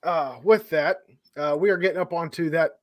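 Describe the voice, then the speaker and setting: A man's voice: on the high side, normal speed. A man co-hosting a podcast, bantering in a laid-back way with casual swearing. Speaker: podcast co-host. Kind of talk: casual chat.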